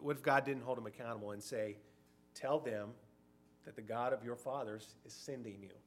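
A middle-aged man preaching a sermon in a conversational way, sometimes acting out short quoted voices. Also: medium pitch.

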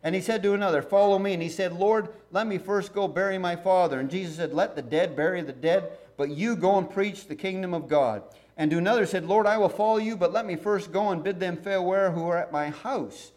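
A middle-aged man preaching a sermon, reading scripture aloud and then talking it through in a lively, conversational way. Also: sits high, a little fast.

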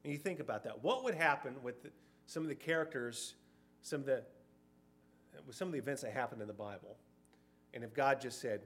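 A man's voice: mid-range voice, a little fast. Male preacher, middle-aged, conversational sermon, acts out quotes.

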